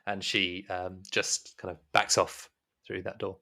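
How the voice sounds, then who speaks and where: A man's voice: low-pitched, level tone, measured pace, vocal fry, bright, forceful tone. A man narrating a tabletop horror game as game master, in a rambling way full of fillers.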